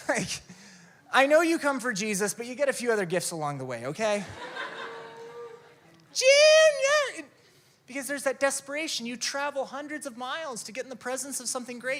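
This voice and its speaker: A man's voice: very high-pitched, a little fast, slight background noise. A man preaching a sermon, telling stories and asking rhetorical questions. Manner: animated storytelling with rhetorical questions. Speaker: pastor.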